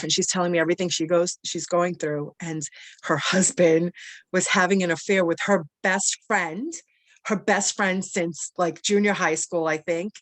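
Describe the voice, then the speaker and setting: Young adult woman, lower pitch, casual storyteller with lots of fillers. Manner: animated, many fillers, quotes people in dialogue. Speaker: cancer survivor guest. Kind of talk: personal storytelling.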